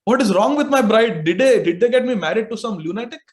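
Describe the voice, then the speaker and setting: A man's voice: high-pitched, animated, quick pace, roomy sound. A man with an Indian English accent voicing a proud, spoiled young prince who sounds indignant and exasperated.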